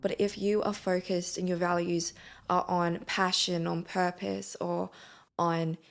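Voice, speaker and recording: A woman's voice: lowish voice, flat delivery, unhurried, creaky. A young woman, a podcast guest, talking earnestly and reflectively in a casual late-night conversation. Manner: earnest, reflective, laughs often.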